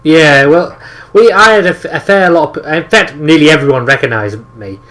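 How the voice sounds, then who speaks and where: A young man with a Teesside accent chats casually on a podcast, spinning sweary stories. His voice is bright and a touch high, and he swears freely. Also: normal speed. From northeast England. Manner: swears often, tells anecdotes with acted-out quotes. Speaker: podcast co-host. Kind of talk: casual chat.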